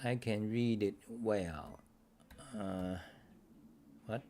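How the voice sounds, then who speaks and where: A man's voice: lowish voice, extremely slow, warm tone. A man hosting a casual livestream talk show, rambling bluntly with some swearing and answering chat comments. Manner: reads and answers live chat. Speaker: host.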